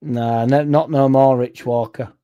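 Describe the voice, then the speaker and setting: A young man rambles and swears his way through a casual livestream, greeting viewers by name as he reads their comments. His voice sits in the middle of the male range and has a dark, mellow tone. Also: mid-range voice, steady tone, measured pace, clean tone, dull audio. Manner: rambling, sweary, jumps off on tangents. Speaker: fan channel livestream host.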